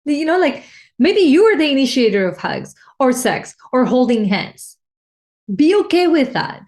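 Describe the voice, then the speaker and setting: Heartfelt woman coach, fairly high voice. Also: moderate pace. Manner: heartfelt, emotional, with restarts and lively rises. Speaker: life coach and podcast host. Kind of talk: reflective solo podcast talk.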